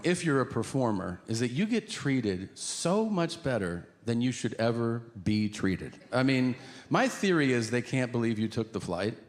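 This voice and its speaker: A middle-aged man doing a stand-up set for a live audience, telling stories and acting out both sides of each conversation. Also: mid-range voice. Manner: lively storytelling, acts out both sides of dialogue. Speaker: stand-up comedian. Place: comedy venue before a live audience. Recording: live hall recording with audience noise.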